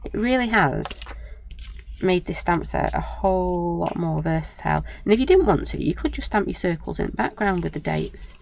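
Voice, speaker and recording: A woman's voice: lowish voice, expressive, moderate pace, creaky, a little mellow, no room sound. A woman demonstrating a stamp set live, chatting as she works and asking her viewers questions as she goes. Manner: chatty, thinks aloud, many tag questions. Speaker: craft demonstrator. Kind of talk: live crafting demo chat. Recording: dull lo-fi stream audio.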